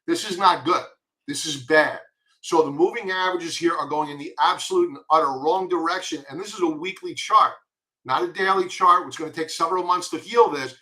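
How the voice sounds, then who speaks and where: A man's voice: a little high, a little fast, pushed and bright. A man with a Long Island accent giving blunt, emphatic stock chart commentary, repeating his warnings. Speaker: market commentator.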